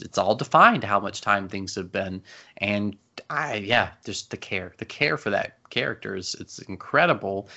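A man with a lowish but bright, forceful voice chats excitedly on a podcast, rushing his words and restarting often. The sound is a little dull and lo-fi. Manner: fast, excitable, many restarts. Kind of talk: casual podcast chat.

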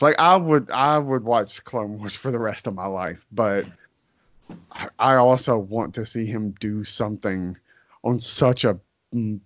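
A man in casual podcast chat, speaking slowly and deliberately. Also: fairly low pitch, no echo. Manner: slow, drawn-out and deliberate. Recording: dry, dull lo-fi sound.

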